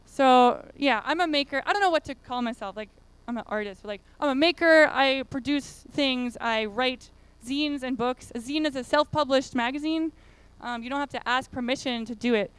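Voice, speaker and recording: A high-pitched woman gives a relaxed talk to a conference crowd. She rambles in a friendly way, stacking fillers as she goes. Her voice comes through crisp and clean with almost no room sound. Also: moderate pace, few pauses, dry recording. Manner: chatty, many fillers and "like"s. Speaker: conference speaker.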